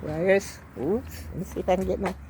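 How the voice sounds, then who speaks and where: A woman's voice: lowish voice, steady tone, fairly quick, warm tone, a little hiss or hum, rough recording. An older woman telling a rambling, chatty story to her phone camera at home. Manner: rambling, chatty, with many restarts and asides. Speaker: vlogger. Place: apartment at home. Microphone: phone on a selfie stick.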